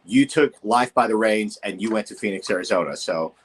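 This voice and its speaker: A man's voice: fairly low pitch, brisk, slightly rough. A man hosting a casual podcast chat, asking earnest and mock-incredulous questions. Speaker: podcast host.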